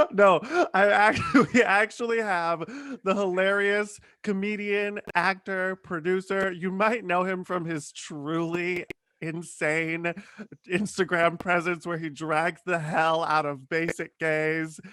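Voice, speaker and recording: A man's voice: high-pitched, level tone, slow pace, bright, forceful tone, clear, resonant tone, dry recording, studio quality. A man hosting a podcast, chatting in a campy, playful way and laughing often. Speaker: podcast host. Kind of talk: casual comedic interview chat.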